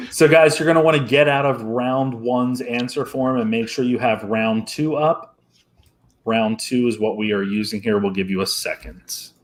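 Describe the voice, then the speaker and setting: A man's voice: mid-range voice, steady tone, a little slow. A man hosting an online trivia night in a casual, upbeat way, often laughing as he announces scores and rounds. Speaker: trivia host. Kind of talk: casual livestream chat.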